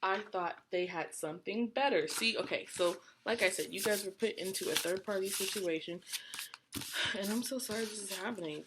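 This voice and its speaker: A woman giving a casual tarot reading from home, speaking straight to her viewers in a chatty style and often repeating herself. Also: medium pitch. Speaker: tarot reader. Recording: noisy recording with clicks.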